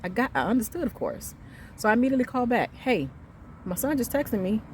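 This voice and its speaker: A woman in her thirties telling an angry story about her son's school, emphatic and reenacting the conversations, swinging between quiet and loud. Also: fairly high pitch, sing-song, quick pace, slight background noise. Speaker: mother venting on her channel. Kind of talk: heated storytelling rant.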